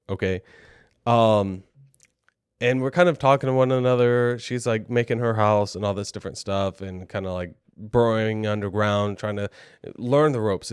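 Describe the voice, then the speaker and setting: A man's voice: fairly low pitch, a little mellow, clear, resonant tone, no echo, studio quality. A young adult man co-hosting a podcast, telling a story in a chatty, rambling, self-deprecating way. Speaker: podcast co-host.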